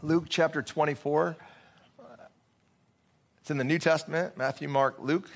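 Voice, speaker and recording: A man's voice: fairly high pitch, fairly even intonation, unhurried, vocal fry. A man preaching a sermon to his congregation in a conversational way, with fillers and restarts along the way. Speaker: pastor.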